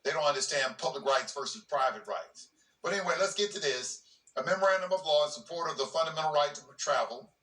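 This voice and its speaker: A man's voice: on the high side, lively intonation, quick pace, fairly bright tone, recorded from a distance. A man hosting a legal commentary channel. He reads a legal document aloud and breaks off for plainspoken asides, often repeating words as he restarts. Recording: roomy echo, voice from away from the mic.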